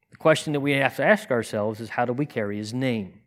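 A man's voice: medium pitch, fairly quick. Earnest man teaching scripture. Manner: earnest, plain-spoken, with rhetorical questions and frequent restarts. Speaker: teacher in a congregation. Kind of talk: conversational sermon teaching.

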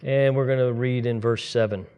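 A man's voice: mid-range voice, fairly even intonation, normal speed, warm tone, smooth. A man preaching a sermon in a conversational, storytelling way, speeding up in bursts. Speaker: pastor.

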